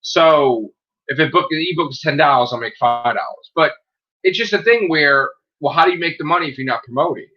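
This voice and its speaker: A man's voice: fairly high pitch, fairly quick, lo-fi sound. A man, a self-published author, chatting casually on a livestream, swearing and acting out what people said. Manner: animated storyteller, swearing, acting out dialogue.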